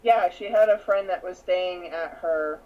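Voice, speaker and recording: A woman's voice: lowish voice, measured pace. Woman giving short replies, muffled lo-fi sound. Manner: brief agreeing backchannels. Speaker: podcast co-host. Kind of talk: casual chat.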